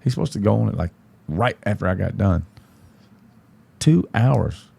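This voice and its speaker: Deep, gravelly Southern man telling stories. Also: normal speed. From from Arkansas. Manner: profane, animated storyteller acting out quotes. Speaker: guest country singer. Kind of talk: casual storytelling on a podcast.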